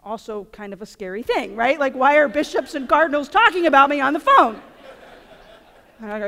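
Catholic speaker, woman, 30s, high voice, lively self-deprecating storyteller, reverberant auditorium sound. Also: a little fast, vocal fry. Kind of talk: storytelling conference talk. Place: large auditorium. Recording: long hall reverb in an auditorium.

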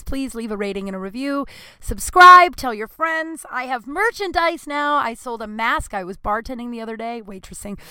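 A woman's voice: fairly high pitch, a bit bright, clean tone, no echo. Young woman rambling on her solo podcast, lots of ums, super candid, dry close sound. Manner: rambling, candid, frequent ums and self-deprecating asides. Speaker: podcast host. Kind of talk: casual solo podcast storytelling.

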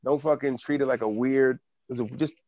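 A podcast co-host with a medium-pitched voice, speaking a little fast, tells a story in casual chat with plenty of profanity and animation. He sounds muffled, and the recording is dry.

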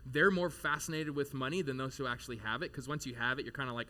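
A man's voice: mid-range voice, steady tone, fast, sharp tone, a little hiss or hum. A man in his thirties, a pastor giving a sermon in a church, talking conversationally and animatedly with casual asides. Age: 30s.

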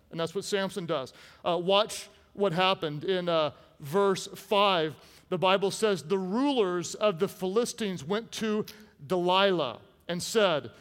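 A man preaching a sermon to a congregation, animated and jokey, acting out the story with voices. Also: sits high. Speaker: pastor. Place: large church hall. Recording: hall reverb from large room.

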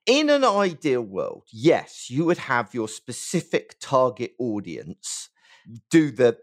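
Animated West Country English man. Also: medium pitch. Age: middle-aged. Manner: animated, emphatic, peppers speech with "right?". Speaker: design expert guest. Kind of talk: conversational interview.

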